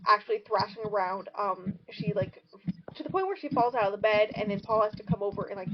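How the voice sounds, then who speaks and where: A young woman casually retelling a short story on a podcast, rambling and full of fillers. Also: medium pitch. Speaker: podcast co-host summarizing a book. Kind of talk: casual book discussion. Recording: dull lo-fi sound with steady noise.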